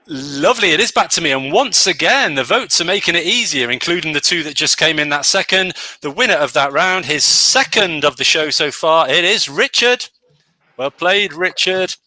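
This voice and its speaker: A man's voice: on the high side, lively intonation, moderate pace, pushed and bright, no echo, rough recording. A man hosting an online pun competition, upbeat and joking as he runs the votes. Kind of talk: casual hosting.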